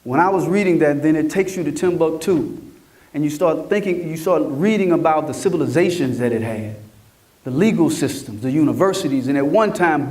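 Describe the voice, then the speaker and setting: A middle-aged man from Mississippi gives an animated motivational talk and keeps checking in with his audience. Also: on the high side, distant mic. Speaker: conference speaker. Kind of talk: motivational storytelling speech.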